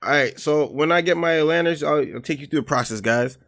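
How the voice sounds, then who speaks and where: A young man co-hosting a podcast in casual chat, laid-back but quick to protest. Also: creaky, a bit bright. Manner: laid-back, protests with rising pitch, repeats "hold on". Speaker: podcast co-host.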